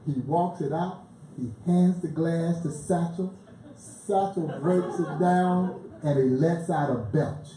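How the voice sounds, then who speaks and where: A man, a museum president, telling lively baseball stories as a guest at a live panel, chuckling as he goes. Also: a little high, takes it slowly, a crowd in the background. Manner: animated storyteller who chuckles through his tales. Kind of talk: lively anecdotal storytelling on stage. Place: live event in a bar venue. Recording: echoey live venue, faint background noise.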